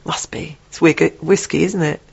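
A woman's voice: low-pitched, fairly even intonation, normal speed, gravelly, slightly rough, dull audio. A woman co-hosting a business radio show in a chatty, playful way, reading out listener messages. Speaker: co-host. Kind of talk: casual radio chat.

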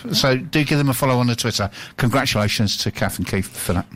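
A man hosts a radio show from the studio, chatting loosely and reading out shout-outs. He trips over his words now and then and laughs easily at himself, speaking into a studio microphone. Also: mid-range voice, fast. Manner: chatty, self-mocking, stumbles and laughs easily.

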